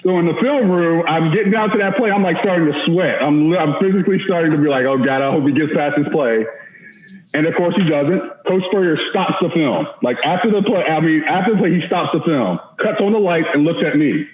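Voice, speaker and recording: A man's voice: on the high side, expressive, a little fast, few pauses. A man, a former college lineman, telling a self-deprecating story as a podcast guest. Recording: roomy, slightly dull audio with faint noise.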